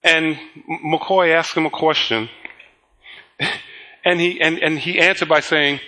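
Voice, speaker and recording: A man's voice: fairly high pitch, steady tone, normal speed, pauses often, sharp tone. A middle-aged male pastor preaching a sermon, telling stories with laughter and acting out both sides of conversations. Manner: storytelling with laughs and acted-out dialogue.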